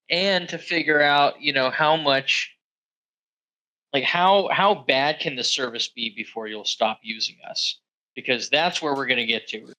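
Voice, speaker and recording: Bright-voiced man co-hosting podcast. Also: medium pitch, poor audio. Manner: relaxed, laughs along, mocks corporate replies. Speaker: podcast co-host. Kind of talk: casual conversation.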